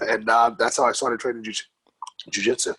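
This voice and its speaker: Husky male guest, dry mic, animated casual storyteller. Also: medium pitch, normal speed, no echo, poor audio. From New York. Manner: animated, laughs often, swears casually. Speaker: podcast guest, grappling coach.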